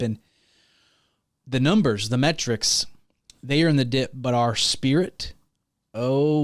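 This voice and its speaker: A young man hosting a solo comedy podcast, rambling and hyped as he pitches his plan to listeners with mock-rallying energy. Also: no room sound, studio quality. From Missouri. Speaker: podcast host.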